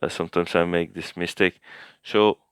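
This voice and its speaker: A man's voice: low-pitched, fairly even intonation, normal speed, clear, resonant tone, no room sound, clean studio sound. A man giving a casual language lesson recap, explaining hesitantly as he thinks aloud and corrects himself. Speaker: language learner teaching a recap.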